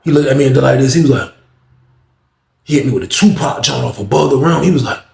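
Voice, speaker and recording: A man telling a casual storytime in slangy, animated speech, acting out what people said. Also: medium pitch, quick pace, creaky. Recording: roomy echo.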